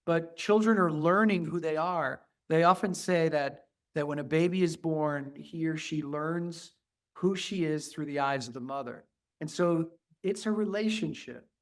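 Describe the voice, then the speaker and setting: A middle-aged man, a pediatrician guest, talking earnestly in an interview and softly acting out how he soothes children. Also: fairly high pitch, unhurried. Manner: earnest, acts out soft soothing asides to children. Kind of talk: conversational interview.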